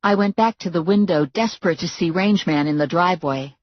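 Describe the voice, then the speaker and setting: A woman narrating a first-person audiobook in a brisk, wry storytelling manner. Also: lowish voice, no room sound, muffled recording.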